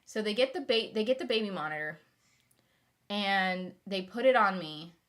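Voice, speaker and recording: A woman's voice: medium pitch, expressive, moderate pace, fairly bright tone. Young woman vlogging, chatty and rambly, lots of ums and likes, just talking to the camera. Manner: rambling, with many fillers and restarts. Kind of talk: casual storytelling.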